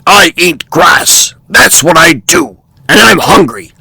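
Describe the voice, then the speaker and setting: Storybook buffalo: man voices a big, stubborn, gravelly beast, sharp bright tone. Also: fairly high pitch, big pitch swings, slow, no echo, voice pushed up, exaggerated voice. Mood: defiant.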